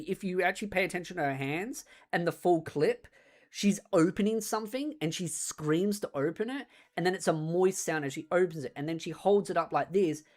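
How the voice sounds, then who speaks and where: Rambling low-voiced woman streamer. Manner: rambling, animated retelling. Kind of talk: casual stream chat. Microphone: desk streaming mic.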